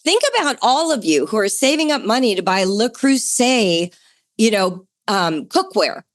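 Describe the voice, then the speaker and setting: A middle-aged woman hosts a podcast on teaching children at home. Her talk is chatty and enthusiastic, at an ordinary middle pitch that leaps upward when she gets excited about an idea. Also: unhurried. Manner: enthusiastic, chatty, jumps to a bright higher pitch for emphasis. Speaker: podcast host.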